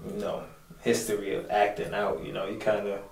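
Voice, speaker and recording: Low-voiced man, roomy off-mic sound. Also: monotone, brisk, creaky, far from the mic. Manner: earnest, many fillers like "you know". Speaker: co-host. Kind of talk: heart-to-heart conversation.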